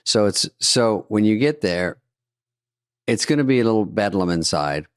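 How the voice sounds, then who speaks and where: A man's voice: on the low side, expressive, normal speed, clear, resonant tone, no room sound. An older man co-hosting a podcast in casual chat, riffing with dry, sarcastic humor. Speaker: podcast co-host. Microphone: studio podcast mic.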